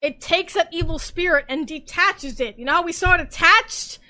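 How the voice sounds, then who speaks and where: A young woman podcast host, drunk, rambling excitably and swearing as she recaps a story in casual chat. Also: very high voice, moderate pace.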